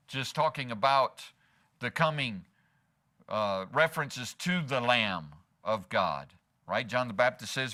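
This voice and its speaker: A man's voice: medium pitch, expressive, measured pace, pushed and bright. A man as pastor preaching a sermon in church, asking the congregation rhetorical questions and slipping in humor.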